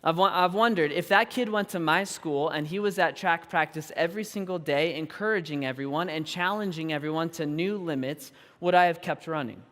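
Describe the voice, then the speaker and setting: A man in his thirties preaching a sermon, telling a personal story in an animated, self-deprecating way and laughing often. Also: on the high side, a little fast, hardly any pauses, in a large hall. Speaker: pastor. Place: large church auditorium.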